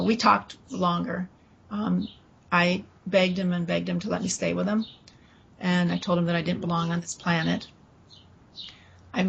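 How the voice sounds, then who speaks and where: A woman recounting a personal experience in an interview, talking haltingly with restarts and quoting dialogue, with faint noise behind her. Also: on the low side, gravelly, slightly rough, lo-fi sound.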